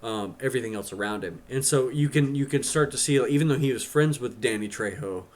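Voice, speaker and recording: 30s guy hosting a stream, breaks down a movie, lots of stop-start restarts, normal mid pitch. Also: a little mellow. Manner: analytical, halting with many restarts. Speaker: stream host. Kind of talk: casual livestream chat.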